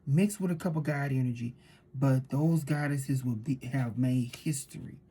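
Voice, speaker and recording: A woman talks through a tarot reading in a loose, animated way and circles back to repeat her points. Her voice is breathy and husky, with a dark, relaxed tone. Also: a bass voice, moderate pace. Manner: animated storytelling with repeated phrases. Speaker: tarot reader. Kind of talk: casual tarot reading monologue.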